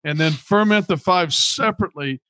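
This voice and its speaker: A man co-hosting a podcast, chatting in a dry, teasing, unhurried way. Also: sits high, sharp tone, slight background noise. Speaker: podcast co-host. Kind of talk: casual banter.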